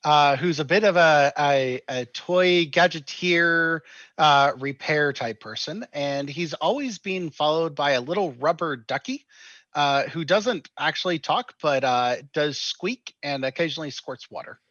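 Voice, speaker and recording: Male player, highish voice, casual, dull lo-fi sound. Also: a little slow, a bit bright, no room sound. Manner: casual, hesitant.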